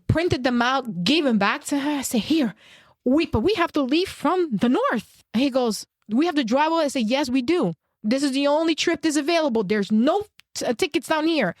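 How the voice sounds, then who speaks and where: Woman guest telling a tense story, acts out the voices, highish voice. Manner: animated, acts out quoted voices. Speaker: podcast guest. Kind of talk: emotional personal storytelling.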